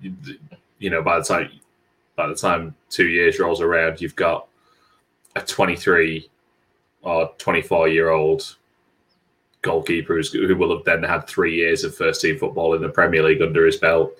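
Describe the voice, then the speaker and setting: A man with a very low, deep voice talks football with a friend in a loose podcast chat. He stops and restarts often and slips in dry jokes. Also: level tone, fairly bright tone. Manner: halting, repeats words, dry jokes. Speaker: podcast co-host.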